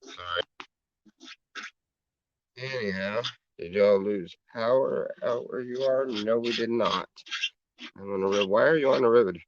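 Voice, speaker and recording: A man's voice: measured pace, pauses often, lo-fi sound. Man chatting on his homestead. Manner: talks to his piglets in a high coaxing voice. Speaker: homesteader vlogger. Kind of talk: casual vlog chatter.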